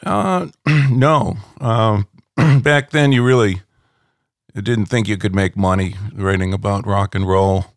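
A middle-aged man, a rock critic, telling anecdotes in a relaxed interview at home, rambling with many fillers. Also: lowish voice, takes it slowly, dry recording, clean studio sound.

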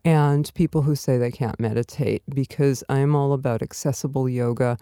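Soothing, gentle woman with a mellow voice. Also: a bass voice, fairly even intonation, normal speed, clear, resonant tone, no room sound, studio quality. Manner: gentle, soothing, laughs often. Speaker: yoga teacher and writer. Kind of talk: casual podcast conversation.

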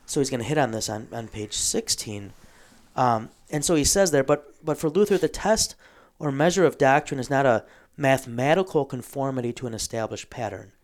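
A man hosting a casual theological discussion, explaining a book at length with frequent ums and throat clearing. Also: mid-range voice, animated, a little fast.

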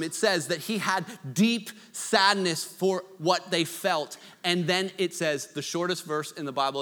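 A man preaching a sermon, conversational with joking asides, swinging from loud to hushed. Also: on the high side, long reverb tail. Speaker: pastor.

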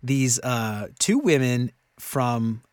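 Rambling animated male podcast co-host. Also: mid-range voice, very slow, clean tone, no room sound, clean studio sound. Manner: animated, rambling, laughs often. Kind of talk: casual chat.

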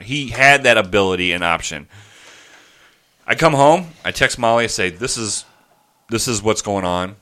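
A man telling an angry customer-service story in casual chat, animated and profane. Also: on the low side, moderate pace. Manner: animated ranting with profanity, quoting people in his voice. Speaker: podcast host telling a story.

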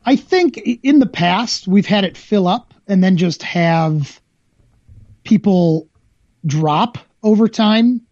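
Podcast guest, man, calm explainer, muffled dry audio. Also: high-pitched, slow, no echo. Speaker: tournament organizer on a podcast. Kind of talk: casual chat.

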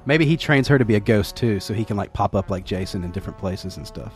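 A man's voice: fairly low pitch, expressive, quick pace, darkish tone, faint music behind. A man co-hosting a podcast about a film, talking loosely in casual chat, repeating words, laughing often and acting out quotes. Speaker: podcast co-host.

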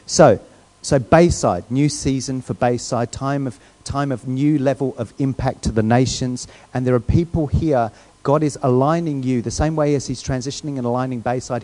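A man preaching a sermon in a church in a relaxed, conversational way, often checking in with the congregation. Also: mid-range voice. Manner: conversational, asks the crowd questions, restarts often. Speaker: guest preacher.

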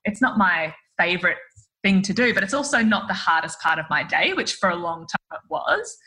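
Here the same kind of guest, a woman photographer on a podcast, chats briskly and self-deprecatingly, full of "like" and "you know." Her lowish voice swings widely in pitch and sounds bright and forceful.

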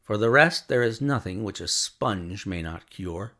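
A man voicing Sherlock Holmes, a brisk, ironic, triumphant detective, in a crisp, amused manner. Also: lowish voice, lively intonation, pushed and bright, heavily acted.

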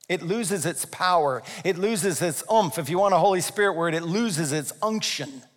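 Animated high-voiced man preaching a sermon. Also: normal speed, long reverb tail. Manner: animated, acts out voices, asks the audience questions. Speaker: pastor.

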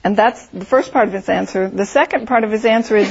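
Husky woman teaching scripture. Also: medium pitch, fast talker, dull audio. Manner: explanatory, vivid storytelling with hypothetical scenarios. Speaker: Bible teacher. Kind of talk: Bible study teaching.

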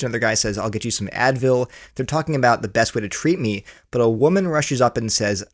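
A man's voice: mid-range voice, fast talker, hardly any pauses, no room sound, clean studio sound. A man answering interview questions about his book, earnest and explanatory, often repeating words as he thinks. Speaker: author and guest.

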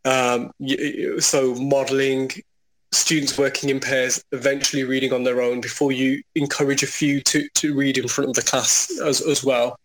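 A man, an experienced teacher, talking through classroom practice in a measured, conversational way, with frequent restarts. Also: medium pitch, little pitch movement. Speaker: school teacher and trust leader. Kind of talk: conversational podcast interview.

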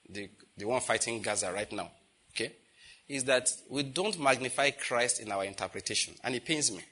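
A man preaching a sermon emphatically, asking the congregation questions and swinging from loud declarations to quiet intensity. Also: medium pitch, husky. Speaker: pastor.

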